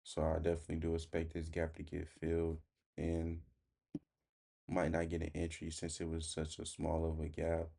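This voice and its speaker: A man, casually walking through his trading day in a relaxed, plain-spoken way. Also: rumbling low, normal speed, vocal fry. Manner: relaxed, plain-spoken, thinks aloud with fillers. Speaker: day trader vlogger. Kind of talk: casual trading recap over charts.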